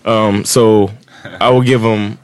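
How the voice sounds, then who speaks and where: A man's voice: fairly low pitch, fairly even intonation, slow pace, no room sound. A man from Miami in his forties, a podcast co-host telling a story in a loose, profane way with frequent laughs. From Miami, USA. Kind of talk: casual storytelling.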